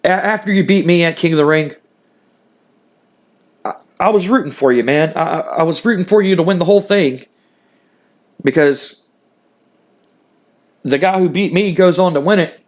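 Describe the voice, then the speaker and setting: A man's voice: a little high, moderate pace, pauses often, close to an everyday voice. A man casually voicing an earnest male wrestling champion who reassures a rival in a game recap, stumbling and repeating words. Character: friendly male wrestling champion offering respect.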